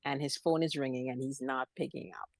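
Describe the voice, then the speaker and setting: A woman's voice: rumbling low, fairly even intonation, a little fast, dry recording. A woman co-hosting a podcast, giving emphatic, opinionated commentary in casual chat. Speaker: podcast co-host.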